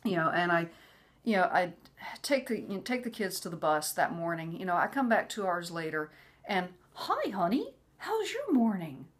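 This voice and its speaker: A woman's voice: on the low side, moderate pace. A woman telling a personal story in a casual way, with many "you know" fillers, sometimes acting out what others said. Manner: frequent "you know" fillers, acts out quoted voices. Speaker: vlogger sharing personal story.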